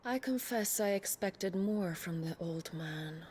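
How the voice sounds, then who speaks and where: An actress playing a seductive, scornful female villain in a video game, with a breathy, sultry delivery and slow, taunting lines. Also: medium pitch, darkish tone, slight background noise, lightly acted.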